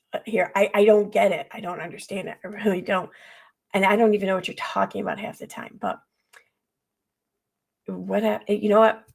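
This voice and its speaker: Blunt gravelly woman streamer. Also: mid-range voice, a little mellow. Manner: blunt, profane, sarcastic, rambling. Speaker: commentary streamer. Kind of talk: casual reaction commentary.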